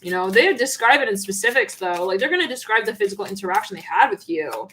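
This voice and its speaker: A woman's voice: medium pitch, expressive, fast talker, bright, forceful tone, a little hiss or hum. A woman giving a channeled tarot reading on a livestream, rambling and laughing often. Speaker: tarot reader.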